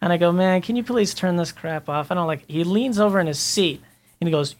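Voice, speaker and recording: A man's voice: high-pitched, brisk. A man guest telling a story in casual chat, acting out the people he quotes. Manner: animated, acts out quotes.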